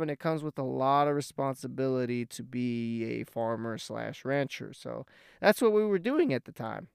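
A man telling a rambling personal story in a casual, profane way, full of fillers and restarts, getting loud and worked up as it builds. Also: a little high, clean tone, no room sound, studio quality.

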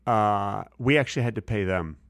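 A man's voice: fairly low pitch, moderate pace, no echo. A man co-hosting a comedy podcast, pushing a silly joke with playful insistence. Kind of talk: casual comedic banter.

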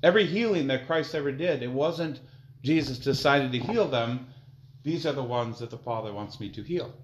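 Man preaching with loud fervent rises. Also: rough recording. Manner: preaching with sudden loud emphatic rises and quiet low asides; reads scripture slowly and deliberately. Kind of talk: sermon.

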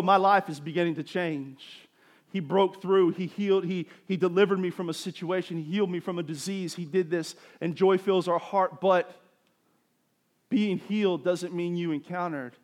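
A man preaching a sermon, building to emphatic bursts and dropping to quieter explanation. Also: high voice. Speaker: pastor.

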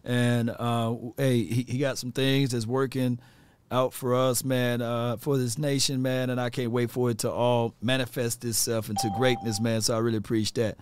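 A man's voice: mid-range voice, level tone, moderate pace, clean tone, dry recording. A man hosting a live sports call-in show, casual and laid-back, laughing often and saying "man" a lot. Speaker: sports show host taking calls.

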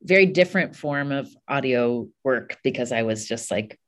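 A woman's voice: rumbling low, expressive, moderate pace. A woman from West Virginia with a faint West Virginia accent, chatting casually as a podcast guest, with many "like" and "um" fillers. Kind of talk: casual interview chat.

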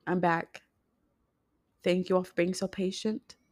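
Young woman, personal vlog, heartfelt, halting, lowish voice, dry close sound. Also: level tone, no echo. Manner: heartfelt, halting, many restarts. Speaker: vlogger.

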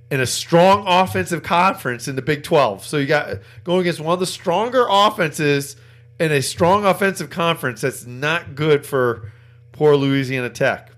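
Guy hosting a betting podcast, kinda high voice, talks picks and stats, laughs a lot. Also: a bit bright. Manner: chatty, laughs easily, rattles off stats. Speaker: podcast host. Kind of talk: casual sports betting chat.

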